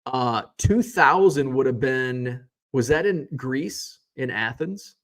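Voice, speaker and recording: A middle-aged man from the United States hosts a casual live-stream chat, reading out viewer comments. His talk wanders from topic to topic with restarts and self-corrections, at a mid-range pitch typical for a man. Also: expressive, slow. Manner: rambling, chatty, tangents and self-corrections.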